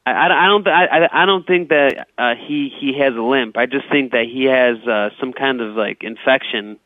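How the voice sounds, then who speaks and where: A man's voice: medium pitch, normal speed, dry recording. Rambling stammering man on a phone line. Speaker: comedian guest. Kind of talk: casual comedic storytelling.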